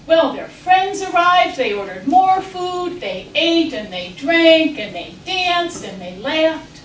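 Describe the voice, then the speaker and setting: A woman storyteller with a high voice unfolds a tale at an unhurried pace. Her voice rings around a roomy hall, caught from a distance. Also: big pitch swings, a little hiss or hum. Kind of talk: live storytelling. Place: festival stage.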